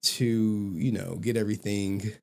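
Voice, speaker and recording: A man's voice: fairly low pitch, normal speed, gravelly. A young adult man hosting a livestream in casual chat. He laughs often, swears freely, and tells stories with animation. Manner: laughing, profane, animated storytelling. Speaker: livestream host.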